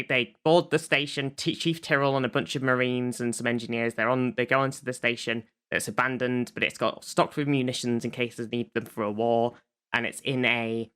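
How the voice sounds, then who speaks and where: Bright, crisp-voiced man casually recapping. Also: mid-range voice. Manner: rambling, filler-heavy, swears casually. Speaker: podcast co-host recapping an episode. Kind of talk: casual podcast chat.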